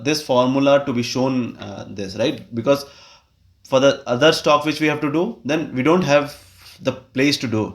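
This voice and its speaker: A man, explaining a spreadsheet tutorial step by step with frequent okays and uh fillers. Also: mid-range voice. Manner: step-by-step, explains while clicking, frequent "okay" and "uh". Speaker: tutorial host. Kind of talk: screen-recorded software tutorial.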